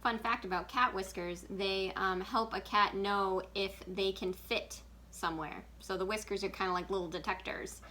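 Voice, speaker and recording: Giggly, chatty woman with a bright voice. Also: medium pitch, fairly even intonation, normal speed, a little hiss or hum. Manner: chatty, giggly, full of fillers. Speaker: children's librarian. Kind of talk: casual craft tutorial.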